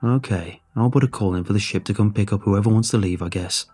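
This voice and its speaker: A stubborn, skeptical station chief who will not abandon his work, as a man reads him. The voice is dark and husky. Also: on the low side, quick pace, soft background music.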